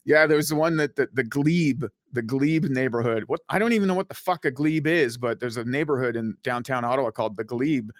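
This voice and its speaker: A man's voice: mid-range voice, a little fast, hardly any pauses, dry recording, clean studio sound. A man with a Canadian accent, co-hosting a casual podcast, rambling with lots of fillers and swearing. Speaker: podcast co-host. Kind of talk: casual profane banter.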